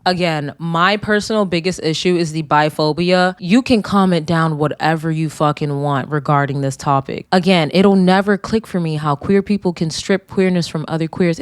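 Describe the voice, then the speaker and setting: A young woman hosting her own podcast in a casual, blunt and profane way, animated when she tells stories. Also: on the low side, dry recording, clean studio sound. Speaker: podcast host. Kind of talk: casual solo podcast talk.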